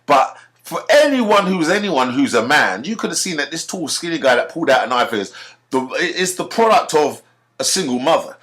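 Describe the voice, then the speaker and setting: A man's voice: a little high, normal speed. A man delivering a rambling, profane ranting monologue and telling stories. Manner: rambling, profane, animated storytelling. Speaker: vlogger.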